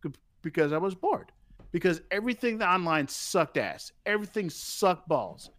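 A man telling a story on a podcast in casual, profane chat, animated and laughing as he talks. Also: high voice, moderate pace. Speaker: podcast co-host.

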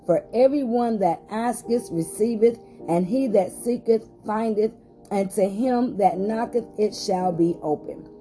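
A woman's voice: medium pitch, unhurried, dark tone, soft background music. A woman pastor hosting a short podcast Bible study, reading scripture aloud with rising emphasis and some hesitant fillers.

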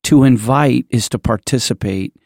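Gravelly-voiced man telling a story. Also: medium pitch, moderate pace, darkish tone, no room sound, studio quality. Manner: rambling, storytelling with many restarts. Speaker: podcast host. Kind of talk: casual church podcast chat.

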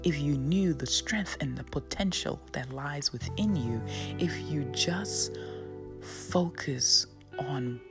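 A woman with a low voice speaks slowly in a soothing, encouraging way and often sinks to a soft whisper. She gives an inspirational devotional talk with guitar music playing clearly behind her. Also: lively intonation. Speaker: motivational Christian speaker.

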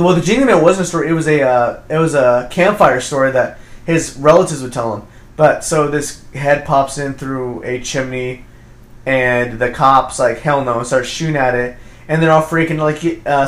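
A man recapping a film in a relaxed podcast chat, speeding up in bursts and jumping into voices for the characters. His voice sits at an ordinary middle pitch. The room gives it a noticeable echo. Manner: rambling retelling, quick bursts, acts out quotes. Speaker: podcast co-host. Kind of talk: casual movie review chat. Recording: roomy echo.

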